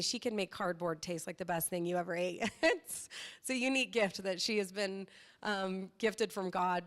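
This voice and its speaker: A middle-aged woman from Southern California, a company founder telling her story in a casual interview with lively energy. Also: mid-range voice. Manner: lively, animated storytelling with laughs.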